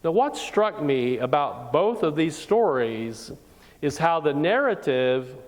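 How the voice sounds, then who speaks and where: Slow, deliberate woman preaching in a hall. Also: low-pitched, big pitch swings. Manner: deliberate, rhetorical questioning. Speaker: pastor. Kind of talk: sermon. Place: church sanctuary. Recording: long reverb of a church hall.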